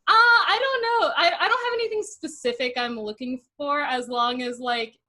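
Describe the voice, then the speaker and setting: A woman's voice: moderate pace, pushed and bright. A young woman hosting a podcast, telling stories in casual chat with lots of giggling and acted-out quotes. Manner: giggly storyteller, acts out quotes in a low voice. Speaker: podcast host.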